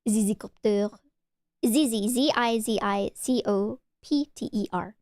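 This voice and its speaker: Young woman streamer, casual chat, giggly and teasing, higher voice, dry close sound. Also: a little slow, darkish tone, dry recording.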